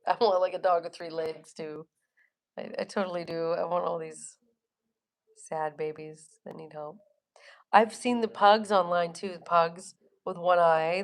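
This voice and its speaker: A middle-aged woman hosts a casual livestream, rambling to her viewers and answering their comments. She laughs easily and swears bluntly. Her voice sits low, with a gravelly, fry-laden texture. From Florida. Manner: chatty, laughing, blunt and profane. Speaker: livestream host.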